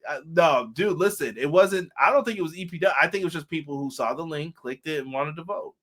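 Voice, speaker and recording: A man's voice: fairly high pitch, fast, fairly bright tone. A male co-host, chatting casually and animatedly on a live wrestling stream, often exclaiming and swearing.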